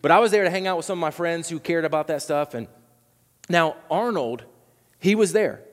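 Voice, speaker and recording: A man preaching a sermon to his congregation, animated and conversational, acting out what people said, with many restarts. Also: a little high, fairly quick, big-room sound. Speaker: pastor.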